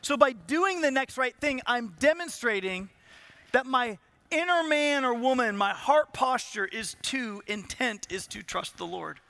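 A man preaches with a strikingly high, bright voice. He drives his points home with rhetorical questions and swells in intensity. The sound is dry and close. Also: expressive, unhurried, gravelly, no room sound. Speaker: pastor. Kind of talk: sermon.

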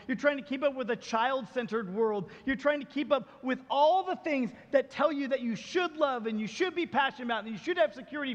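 A man's voice: very high voice, big-room sound, highs cut off. A man preaching a sermon in a church, emphatic and repetitive. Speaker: pastor.

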